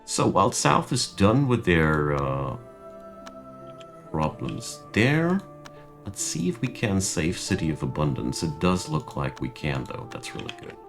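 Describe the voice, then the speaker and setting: A young man with a low, gravelly voice commentates his strategy game at a desk mic, swinging his pitch widely as he vents about bad luck. He speaks slowly and drawn out, clearly frustrated. Faint game music and typing sit under him. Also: very animated. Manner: frustrated ranting, exasperated. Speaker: gaming channel host. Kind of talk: gameplay commentary.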